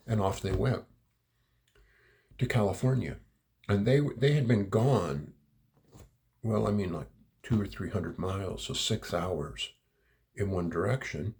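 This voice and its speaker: Low gravelly man telling a story. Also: a little slow, long pauses, a little mellow. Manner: rambling, repeats words, chuckles while telling. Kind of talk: personal anecdote told aloud.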